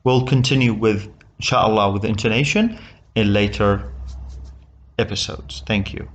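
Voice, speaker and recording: A man with an Arabic accent teaching a recorded English lesson, explaining slowly and often checking with "okay?". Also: on the low side.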